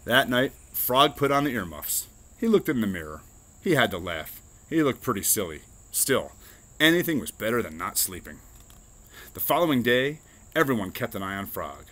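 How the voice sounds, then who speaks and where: A children's picture book is read aloud by a man with a mid-range voice, who keeps a moderate pace and uses an expressive, storytelling manner.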